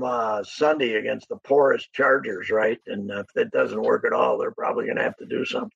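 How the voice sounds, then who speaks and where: Gravelly rambling man on a call-in line. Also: medium pitch, no echo, highs cut off. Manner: rambling, halting, with frequent restarts. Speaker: regular guest sports commentator. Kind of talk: casual radio sports chat.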